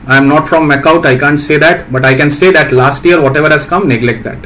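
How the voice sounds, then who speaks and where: A man's voice: fairly high pitch, brisk, a bit bright, low-quality recording. Man, programming teacher, live lecture, patient explanations, faint background hum. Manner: explains patiently, reads out questions, asks "right?". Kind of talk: live-streamed lecture answering viewer questions.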